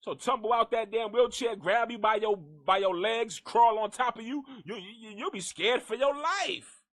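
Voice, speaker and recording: A man hosting a comedic gossip commentary, talking in an animated, profane way and repeating lines for effect. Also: sits high, normal speed. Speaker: host.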